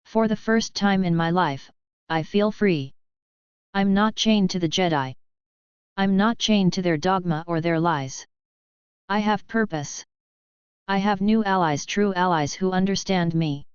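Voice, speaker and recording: Casting: angry, defiant young man gone dark, voiced by a woman narrator, dry, muffled sound. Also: on the low side, a little slow, clear, resonant tone, no room sound, lightly acted. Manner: angry, bitter. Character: furious young man turned to darkness.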